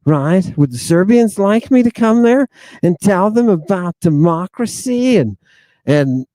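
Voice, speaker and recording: A man talks in a loose, rambling livestream monologue, reacting to viewer comments with sudden exclamations, rhetorical questions and a mocking edge. His voice sits a little high for a man yet stays mellow and soft-toned. The sound is close and dry, with no room echo. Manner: sardonic and mocking. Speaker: channel host.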